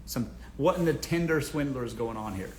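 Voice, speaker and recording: A man's voice: medium pitch, a little fast, darkish tone. A man hosting a livestream who gives blunt, joking advice and calls his viewers folks. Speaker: livestream host answering viewer questions. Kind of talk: casual livestream advice chat.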